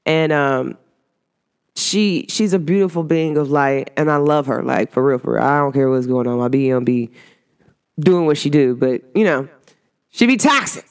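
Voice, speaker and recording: Smooth-voiced woman in a rambling, animated vlog. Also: sits low, normal speed. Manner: animated, rambling, warmly emphatic. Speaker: vlogger. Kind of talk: casual heartfelt talk to camera.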